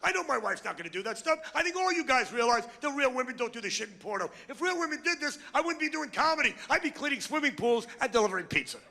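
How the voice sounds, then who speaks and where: A brash male stand-up comedian works the crowd on a club stage, his voice gravelly and sharply bright. The live hall carries a long reverb. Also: extremely high pitch, very animated, quick pace, few pauses, a little hiss or hum. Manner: brash, crude, crowd work.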